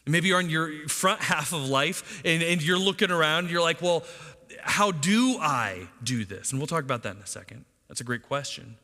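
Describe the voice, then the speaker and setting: A man's voice: a little high, fairly quick, few pauses, bright, forceful tone. A middle-aged man preaching a sermon as pastor, talking to the congregation conversationally and asking them lots of questions. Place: church sanctuary. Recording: long church reverb.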